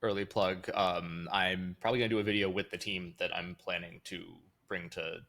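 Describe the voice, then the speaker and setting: Low-voiced man, halting casual chat. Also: fairly even intonation, a bit bright. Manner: rambling, halting, with many fillers. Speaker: podcast co-host.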